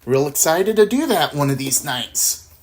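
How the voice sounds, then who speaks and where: A woman with a low voice talks through a miniature painting tutorial in an easy, unhurried way. She thinks aloud as she works and often chuckles at herself. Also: very animated. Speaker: miniature painting channel host.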